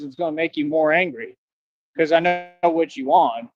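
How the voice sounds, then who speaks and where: A man's voice: a little high, normal speed, lo-fi sound. A man livestreaming outdoors from the street, ranting in a boastful, taunting way, full of slang.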